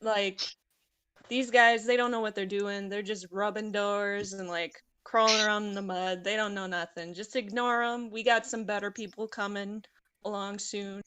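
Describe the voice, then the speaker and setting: A woman playing her adventurer in a slangy tough-guy put-on accent, smoothing things over. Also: medium pitch, moderate pace, a bit bright. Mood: placating. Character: streetwise adventurer talking to a crayfish.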